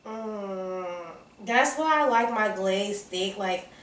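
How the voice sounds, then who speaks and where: A chatty, excitable woman with a Southern US accent talks to her viewers as she bakes. She is off-mic in a roomy home kitchen, with a faint hum of room noise behind her. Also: medium pitch, slow, recorded from a distance. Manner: excitable, chatty, calls viewers y'all and baby. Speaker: home baking vlogger. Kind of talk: casual chat to camera.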